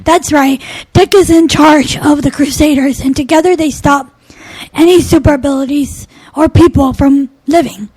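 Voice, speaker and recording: Woman cohost, high voice, dry close sound, chatty comic recap. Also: darkish tone, no room sound, rough recording. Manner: chatty, quick recaps with laughs. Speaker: podcast co-host. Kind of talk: casual comic book chat.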